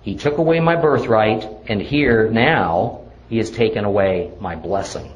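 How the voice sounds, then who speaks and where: A man teaching a Bible lesson, reading the scripture verse by verse in a measured, deliberate way before explaining it. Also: on the low side, dull audio.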